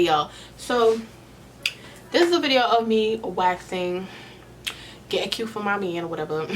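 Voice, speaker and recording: A woman's voice: medium pitch, slight background noise. A young woman filming a casual vlog at home, chatting playfully with her viewers and giggling through her nerves. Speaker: vlogger. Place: small room at home under a ring light.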